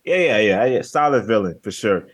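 Man, low voice, podcast co-host, lively retelling, frequent laughs and restarts. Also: moderate pace, husky. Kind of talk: casual movie review chat.

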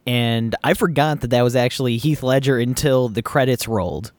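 A man co-hosting a movie podcast in casual chat, easygoing and relaxed. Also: medium pitch, normal speed, dry recording, clean studio sound. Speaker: podcast co-host.

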